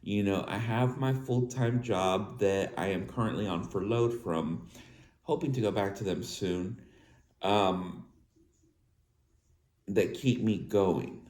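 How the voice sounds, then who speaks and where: Slow, halting man with a slight lisp. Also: fairly low pitch, darkish tone. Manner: halting, with restarts and filler words. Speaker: vlogger. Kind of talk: personal talk to viewers. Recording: echoey room with faint ambience.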